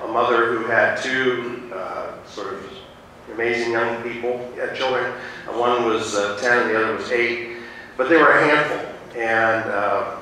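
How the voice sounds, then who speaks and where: A man's voice: mid-range voice, sharp tone, slight background noise. A male pastor preaching a sermon and telling stories in a rambling way, with many fillers and restarts. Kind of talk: sermon with storytelling. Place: church sanctuary. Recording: distant mic in an echoey church.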